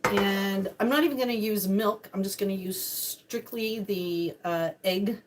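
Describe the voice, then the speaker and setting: Amid a noisy background, an older woman chats through a casual cooking live stream from her home kitchen. Her voice is medium-pitched and her pace measured, and she's bubbly and talkative, calling out viewers by name.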